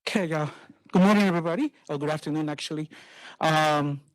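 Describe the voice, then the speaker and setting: A woman's voice: low voice, very fast, a little mellow. A woman speaks at a college town hall, a little out of breath. Her delivery is chatty and hesitant, with many fillers between names and points. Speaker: college committee lead.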